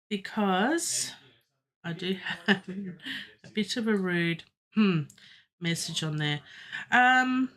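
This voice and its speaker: Middle-aged woman, a musician streaming live from her home studio; bright, sharp tone; chatty, digresses, laughs at herself. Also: fairly low pitch. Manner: chatty, digressive, self-mocking, laughs often. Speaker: musician livestreaming her songwriting. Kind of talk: casual live-stream chat. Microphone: studio microphone.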